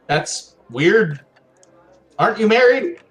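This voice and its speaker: A man's voice: fairly high pitch, wildly swooping pitch, takes it slowly, background noise, pitched above the performer's own voice, exaggerated voice. A man voicing an awkward, cheerful young man in a tabletop game, talking in a raised, chirpy voice with sudden exclamations. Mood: startled.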